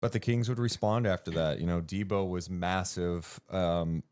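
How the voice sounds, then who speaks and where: A man co-hosting a basketball podcast, talking through a game in animated, casual chat. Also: low-pitched, measured pace. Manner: animated, swings up when excited, swears casually.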